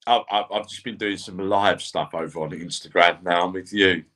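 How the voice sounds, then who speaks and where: A man's voice: deep voice, fairly even intonation, moderate pace, pushed and bright. Teasing man, a guest medium on a call. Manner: chatty, teasing, stammers at starts. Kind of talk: casual live-stream chat.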